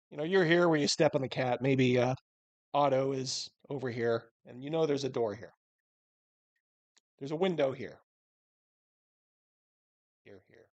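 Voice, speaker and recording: A man's voice: medium pitch, dry recording. A man narrating as game master of a tabletop game, loose and chatty, laughing often.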